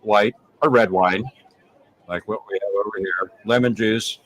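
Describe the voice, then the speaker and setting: A man's voice: fairly low pitch, a little slow, poor audio. A man hosting a casual cooking show, chatting to viewers while he cooks. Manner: relaxed, talks to viewers as folks. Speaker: cooking show host, chef. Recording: faint background noise.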